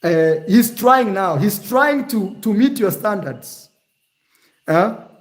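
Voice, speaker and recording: A man talking casually and teasingly in a vlog, animated and jokey. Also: high-pitched, slow pace. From Kenya. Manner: animated, teasing, shifts to mock accents. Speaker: vlogger.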